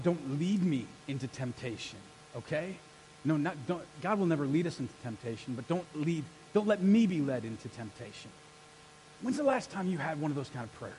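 Male pastor, higher voice, lively sermon delivery that pulls the room into call-and-response, faint hum behind. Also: poor audio. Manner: energetic, rallies the congregation with call-and-response. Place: church sanctuary.

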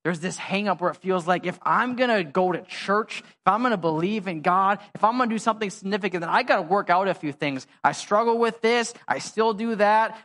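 A pastor preaching a sermon in a conversational, animated way, full of slang and asides. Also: male voice, sits high. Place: church.

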